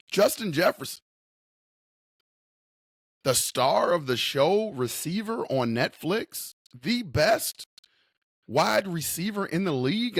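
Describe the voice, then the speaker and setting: A man's voice: on the high side, fairly bright tone, no echo, clean studio sound. A man hosting a sports talk show, speaking with emphatic, repetitive hometown enthusiasm. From Upper Midwest. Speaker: sports podcast host.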